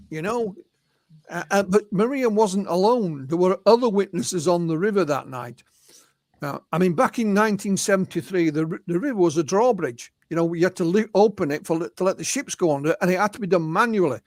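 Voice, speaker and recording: A man's voice: high voice, dry recording, clean studio sound. A man with an English accent, an interview guest who recounts witness stories in a conversational way, quoting people in his own voice, with many fillers and restarts. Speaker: interview guest, UFO researcher. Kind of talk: conversational storytelling.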